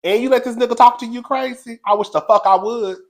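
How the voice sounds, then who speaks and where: A man's voice: very high-pitched, fast. A man hosting a reality TV recap, talking in a brash, sassy, profane way and laughing often as he gossips. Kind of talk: casual gossip commentary.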